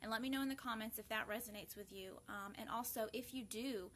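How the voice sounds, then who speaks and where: A woman's voice: fairly high pitch, fast talker, a bit bright, slight background noise. A woman, hosting a casual live video and talking earnestly to viewers, with many fillers and restarts. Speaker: host of a grief support live video.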